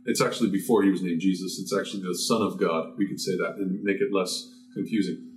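A man preaching a Bible teaching sermon, explaining verses step by step with rhetorical questions and emphatic rises in pitch. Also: steady tone, fairly quick.

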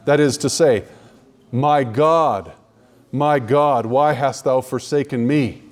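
This preacher addresses his live audience head-on in a medium-pitched voice, forceful in delivery and deliberately slowing on the words he wants to land.

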